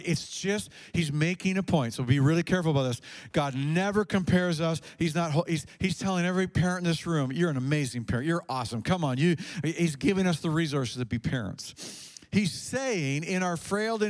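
Impassioned preacher with a higher voice. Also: male voice. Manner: impassioned, rising to fervent peaks; repeats phrases, restarts sentences. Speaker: pastor. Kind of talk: sermon. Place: church with a live congregation.

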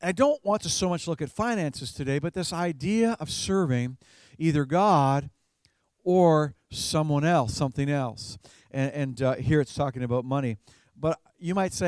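A male pastor delivering a sermon in a relaxed, conversational manner, with a voice pitched a little higher than most men. He laughs lightly at his own stories and repeats words as he finds his way. The sound is dry and close, with no room echo. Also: moderate pace.

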